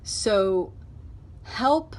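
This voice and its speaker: Female tarot reader, mid-pitched voice, emphatic and repetitive, chatty asides to spirit. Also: lively intonation, extremely slow. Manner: emphatic, repeats herself, talks to spirit aloud. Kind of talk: casual tarot reading to camera.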